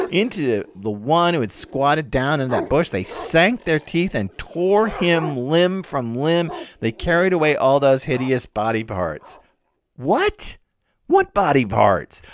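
A man giving an explanatory literature lecture, animated and full of incredulous rhetorical questions. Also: mid-range voice, dry recording, clean studio sound.

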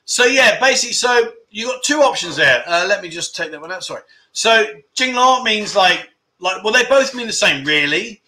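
Man, high voice, very bright and sharp, jokey livestream host, teasing banter. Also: normal speed, slight background noise. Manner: jokey and teasing, with animated outbursts. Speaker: livestream chat show host. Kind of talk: casual livestream chat, reading viewer comments aloud.

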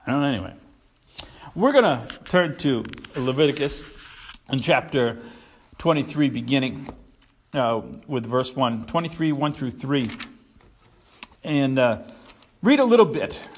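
A male pastor giving a conversational sermon, folksy and joking, halting with many fillers. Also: a little high, big pitch swings.

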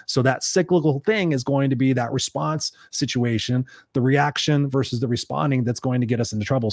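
The speaker is a middle-aged man hosting a livestream, his medium-pitched voice a little mellow. He talks about relationships earnestly and emphatically, in a motivational tone, and quotes viewer comments in a raised voice as he reads them. It is studio quality with no echo.

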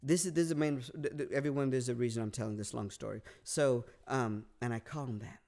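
A man speaks at an average pitch in a gravelly, fry-edged voice. He is a comedian telling a long story in a casual podcast chat. He rambles, doubling back and repeating words as he goes. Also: fairly quick, a little mellow. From California. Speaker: comedian guest.

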